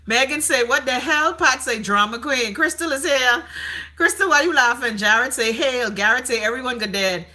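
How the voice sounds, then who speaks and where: A brash, gossipy woman hosts a live stream and reads out viewer comments in a casual, profane chat. Her voice sits fairly high and sounds bright and sharp, and it jumps up dramatically when she reacts. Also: moderate pace.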